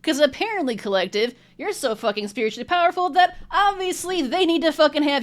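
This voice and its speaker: A woman's voice: high-pitched, animated, brisk, hardly any pauses. A woman reading tarot cards in a vlog, talking bluntly and indignantly with heavy profanity. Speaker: tarot reader.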